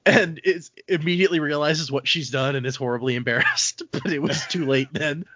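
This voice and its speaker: In casual podcast chat, a man who hosts and edits the show rambles through stories and keeps restarting. His voice is a little high and fairly quick. The dry, dull lo-fi recording has background noise.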